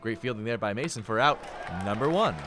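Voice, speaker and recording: A man's voice: medium pitch, animated, brisk, a crowd in the background, background noise. A young man giving live play-by-play commentary, playful and jokey, with rambling asides. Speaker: play-by-play announcer.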